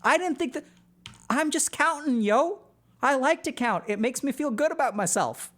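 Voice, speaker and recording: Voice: high-pitched, animated, normal speed, a bit bright, voice pushed up. A psychiatrist mimicking a confused child who does not understand what the fuss is about. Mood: bewildered. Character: puzzled child who just likes counting.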